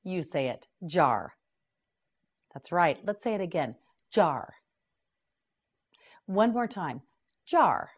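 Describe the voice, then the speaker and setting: A woman with a lowish voice leads a scripted English vocabulary drill for beginners, slowly repeating each word and prompting the listener to say it back.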